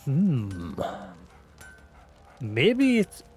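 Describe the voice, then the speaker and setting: A man's voice: mid-range voice, huge pitch swings, drawn-out words, darkish tone, a little hiss or hum. A man who hosts a live stream, chatting casually, rambling and self-deprecating, thinking aloud with many restarts. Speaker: livestream host.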